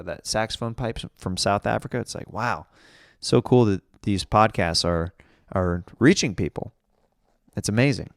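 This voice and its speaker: A young man hosting his own podcast, chatting casually and excitably on his own and laughing often. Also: on the low side, smooth, no room sound, clean studio sound. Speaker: podcast host. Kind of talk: casual solo podcast chat.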